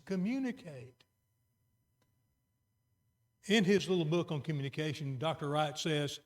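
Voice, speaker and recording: A middle-aged man preaching a sermon, moving between quiet, earnest emphasis and raised exhortation. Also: fairly high pitch.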